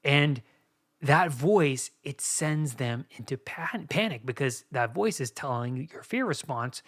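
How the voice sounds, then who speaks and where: A man hosting a solo podcast, talking earnestly straight to his listeners like a coach, shifting from soft near-whispers to emphatic bursts. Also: mid-range voice, expressive, takes it slowly. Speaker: podcast host.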